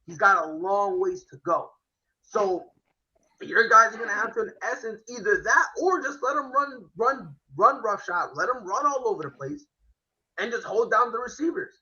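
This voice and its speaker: A man hosting a casual football chat, animated and slangy, cursing freely. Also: high voice, dull audio. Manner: animated, slangy, swearing, quick impressions. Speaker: host. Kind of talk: casual sports analysis chat.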